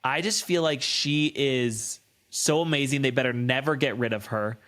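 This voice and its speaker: A man's voice: medium pitch, normal speed. A man co-hosting a casual podcast chat, blunt and gossipy, telling stories with energy. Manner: gossipy, blunt, animated storytelling. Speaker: co-host.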